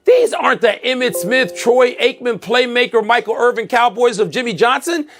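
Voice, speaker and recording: A man with a very high voice and a gravelly, fry-heavy edge debates sports on a talk show. He dismisses claims with animated incredulity. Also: moderate pace, faint music behind.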